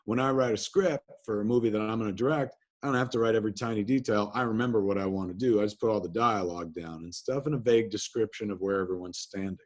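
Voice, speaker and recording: A man from New Jersey, a guest in an interview, telling animated anecdotes in casual talk and swearing freely. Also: lowish voice, quick pace, few pauses. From New Jersey, USA. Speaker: interview guest, filmmaker and comics writer.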